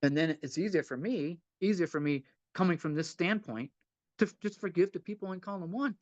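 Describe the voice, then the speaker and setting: A man leads a twelve-step study session, teaching informally in an earnest, repetitive way and often checking in with a rhetorical "right?". His voice sits high and moves a little fast. The lo-fi recording has no echo.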